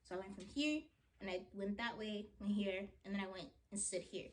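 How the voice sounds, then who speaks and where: A young woman vlogger chatting to the camera while getting ready, retelling a story in an animated, dramatic way with lots of "like"s. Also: medium pitch, a little fast, a little hiss or hum.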